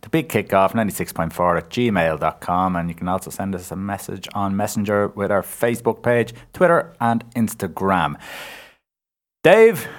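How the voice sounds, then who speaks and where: A man's voice: low voice, expressive, normal speed. Man presenting local radio. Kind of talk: casual sports chat.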